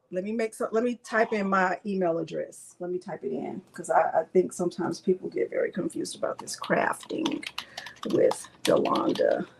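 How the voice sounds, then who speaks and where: A woman's voice: mid-range voice, gravelly, slight background noise. A middle-aged woman hosting a craft livestream, chatting casually and emphatically repeating herself to viewers. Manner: repetitive, emphatic, talks to viewers.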